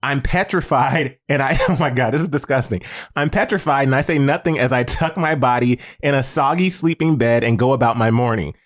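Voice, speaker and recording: A man's voice: mid-range voice, a little fast. A man co-hosting a podcast in casual chat, reading listener secrets aloud in a playful way. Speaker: podcast co-host.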